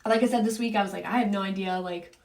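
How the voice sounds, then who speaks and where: A woman's voice: mid-range voice, fairly even intonation, fast talker, creaky, darkish tone. A woman in her thirties hosting a solo podcast, talking candidly and casually, with frequent fillers and swearing. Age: 30s. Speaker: podcast host.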